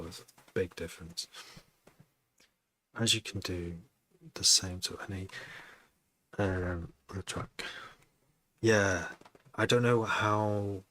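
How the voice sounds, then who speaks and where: A deep voice with fairly even intonation, pushed and bright, comes from a man speaking at a measured pace. Streaming a music production session, he rambles casually, swears frequently, and keeps stopping and restarting mid-sentence with repeated words.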